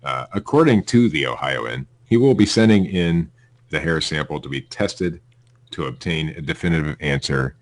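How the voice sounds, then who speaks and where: A man's voice: extremely low pitch, lively intonation, moderate pace, no room sound. A man hosting a casual podcast, reading news stories aloud with blunt, profane, sarcastic asides.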